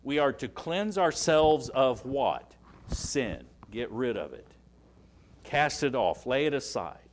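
Southern guy preaching, emphatic, slows way down on the big words, medium voice. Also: mid-range voice, very animated, a little hiss or hum. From Alabama, US. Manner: emphatic, rises and drops for stress, slows on key words. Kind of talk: sermon.

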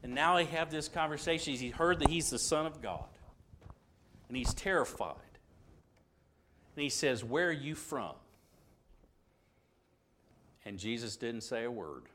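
A man's voice: mid-range voice, expressive, moderate pace, long pauses, slight background noise. Man teaching a dramatic Bible lesson. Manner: dramatic retelling with sudden loud and hushed passages; conversational, with restarts and asides.

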